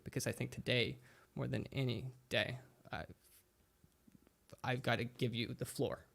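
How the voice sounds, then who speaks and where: A man hosting a podcast, relaxed and chatty in a casual interview. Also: medium pitch, unhurried, creaky. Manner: relaxed, chatty, lots of fillers. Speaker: podcast host.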